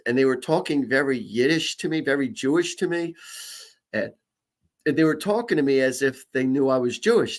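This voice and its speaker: A man's voice: medium pitch, gravelly. A middle-aged man with a mid-range voice who hosts a casual psychic reading show. He rambles through personal stories and restarts his sentences often. He tosses in jokes and laughs as he reads horoscopes for viewers. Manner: rambling storyteller, jokey, many restarts. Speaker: psychic and comedian host. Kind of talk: casual live-stream chat and horoscope reading.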